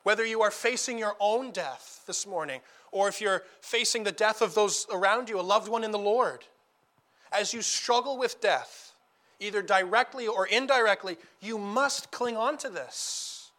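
A high, bright male voice preaching a sermon with earnest conviction. He moves between quiet, intimate storytelling and loud, emphatic declarations, repeating phrases for weight. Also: moderate pace.

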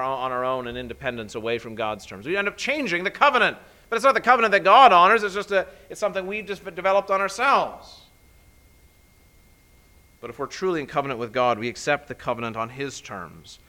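A middle-aged man preaching a sermon as a pastor, emphatic and animated, often restarting phrases. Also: on the high side.

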